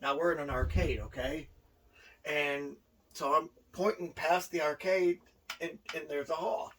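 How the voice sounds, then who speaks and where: High bright-voiced guy telling wrestling stories, animated, kinda off mic. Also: unhurried, recorded from a distance, poor audio. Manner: animated, repeats and restarts words as he tells stories. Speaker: podcast co-host, wrestler. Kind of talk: casual storytelling chat.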